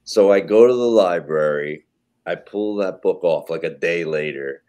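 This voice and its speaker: A man, a comedian, casually telling a backstage story on a podcast, animated and profane, acting out quotes. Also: low-pitched, moderate pace. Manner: animated anecdote telling with swearing and acted quotes. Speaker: comedian guest.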